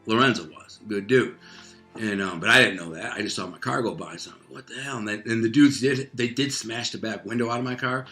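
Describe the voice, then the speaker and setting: A man from Detroit telling a personal story in casual, animated speech, often tossing in "man" and "like". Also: lowish voice, brisk, faint music behind. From Detroit, United States. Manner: vivid, animated retelling peppered with "man" and "like". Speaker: interview guest telling a life story.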